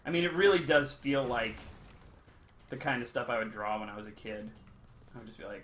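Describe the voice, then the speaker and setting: A man's voice: medium pitch, expressive, fairly quick, long pauses, a bit bright, slight background noise. A young man chatting casually on a game stream, rambling with many ums and uhs. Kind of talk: casual chat while gaming, reading chat.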